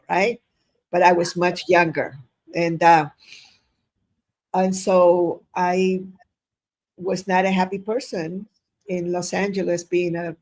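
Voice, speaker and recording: Older woman guest with a gravelly, husky voice who tells animated stories and acts out dialogue. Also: on the low side. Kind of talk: casual storytelling interview.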